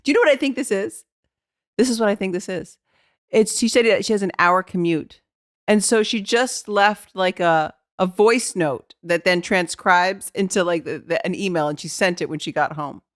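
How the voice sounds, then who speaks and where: A woman's voice: mid-range voice, normal speed, dry recording, studio quality. A woman co-hosting a casual chat podcast, chatty and teasing, laughing often. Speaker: podcast co-host.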